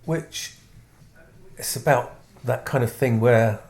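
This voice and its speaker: A middle-aged man as an interview guest, talking in a thoughtful, unhurried way that trails off and restarts. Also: mid-range voice, a little mellow. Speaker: musician guest. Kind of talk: casual interview chat.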